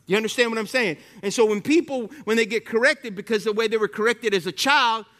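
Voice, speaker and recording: A man preaching a sermon as pastor, animated and full of rhetorical questions that he tosses to the congregation. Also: sits high, brisk.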